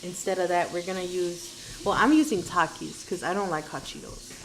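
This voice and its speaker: A woman's voice: fairly low pitch, fairly even intonation, moderate pace, a little hiss or hum. A tired woman co-hosting an eating show in casual chat, giggling and losing her train of thought. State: tired from no sleep. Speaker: mukbang co-host.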